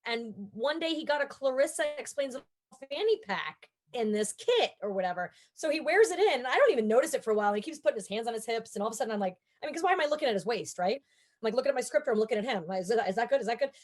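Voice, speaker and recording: A woman in her forties with an American accent, a guest actor in a casual interview, chatting and telling stories with lively quoted asides. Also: racing. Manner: chatty storyteller, acts out quotes in higher voices.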